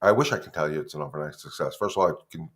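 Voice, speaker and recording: A man's voice: very deep voice, racing. A middle-aged man, a dog trainer, talking casually on a live stream, greeting viewers by name as he explains things. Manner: chatty, loose, greets viewers by name mid-thought.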